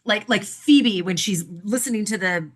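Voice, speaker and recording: Woman, podcast host, casual wellness chat, filler-heavy, swears casually, middle pitch. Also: normal speed. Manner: chatty, filler-heavy, swears casually, acts out inner voices.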